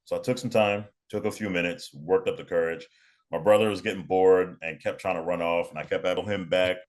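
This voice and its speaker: A man's voice: sits low, steady tone, a little fast. A young man from New York telling a personal story in a laid-back, casual way, often repeating and restarting phrases. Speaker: podcast guest.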